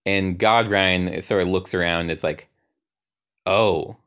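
A man narrating an improvised role-play game, halting and restarting as he goes. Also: deep voice, steady tone, sharp tone, smooth.

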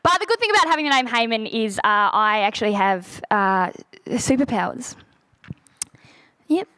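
A woman's voice: fairly high pitch, lively intonation, moderate pace, bright, forceful tone, no room sound. A woman doing a stand-up set, telling goofy, self-mocking jokes. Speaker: stand-up comedian. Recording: live crowd behind.

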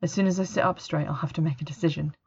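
A woman reading a first-person story as narrator, in a steady, even manner, on a dull lo-fi recording. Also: low-pitched, very fast, vocal fry, slightly rough. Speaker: audiobook narrator.

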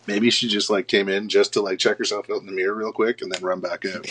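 A man hosting a casual live show, chatting and joking in an animated way. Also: quick pace, slight background noise. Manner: animated, jokey, breaks into silly high voices. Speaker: host.

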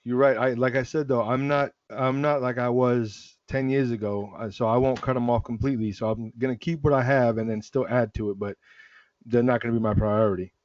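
A man hosting a casual sneaker chat, relaxed and rambling, often restarting his sentences. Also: mid-range voice, fairly quick, no echo, highs cut off. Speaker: sneaker podcast host.

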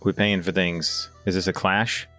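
A man's voice: deep voice, flat delivery, measured pace, pushed and bright, faint music behind. A man playing a tabletop game, speaking in a friendly, eager way. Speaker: player. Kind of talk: casual tabletop chat.

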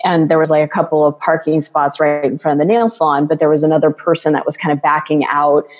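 A woman's voice: deep voice, little pitch movement, fast talker, long reverb tail. A woman guest coach talking earnestly in a podcast interview, telling stories with plenty of fillers. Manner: earnest, storytelling with many fillers.

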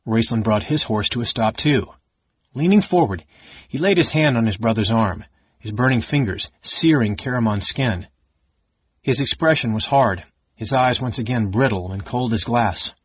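A man narrating a fantasy novel in a steady, measured reading. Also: medium pitch, breathy edge, no echo, lo-fi sound. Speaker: audiobook narrator. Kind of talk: scripted narration.

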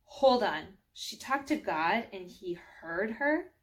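A woman reading a children's storybook aloud, voicing an excited, curious young girl who keeps asking wide-eyed questions. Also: mid-range voice, takes it slowly.

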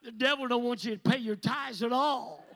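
A man preaching a revival sermon, swinging from hushed asides to shouted exhortations. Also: very high-pitched, moderate pace, vocal fry, low-quality recording.

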